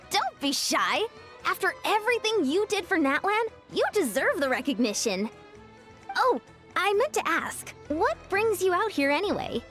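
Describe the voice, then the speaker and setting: A woman voicing a young girl who works as a brisk, strict sports coach in a video game. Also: extremely high pitch, big pitch swings, a bit bright, exaggerated voice. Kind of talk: game voice acting. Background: game music.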